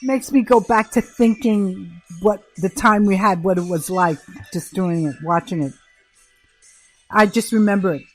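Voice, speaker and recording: An older woman from New York, a podcast guest, recounting memories in an animated, emphatic way. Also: mid-range voice, unhurried, soft background music. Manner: animated, emphatic, acts out quotes. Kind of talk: casual storytelling interview.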